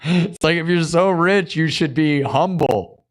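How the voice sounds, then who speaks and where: A man's voice: on the high side, unhurried. A man hosting a live music stream, chatting casually with viewers, laughing often and acting out quotes.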